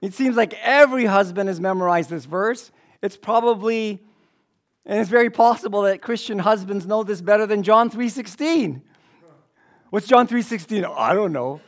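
Animated high-voiced man preaching. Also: normal speed. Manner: animated, jokes with the congregation. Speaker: pastor. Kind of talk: sermon.

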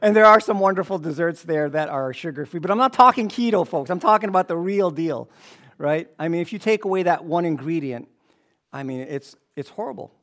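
A man with a high voice preaches a lively sermon. He talks in an animated way and banters with the congregation between points. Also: brisk. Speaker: pastor.

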